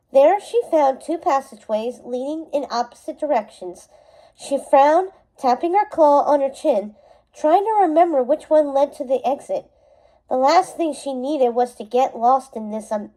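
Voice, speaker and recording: A woman reading a novel aloud chapter by chapter, in steady narration that sometimes slips and corrects itself. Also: sits high, rough recording. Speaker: storybook reader.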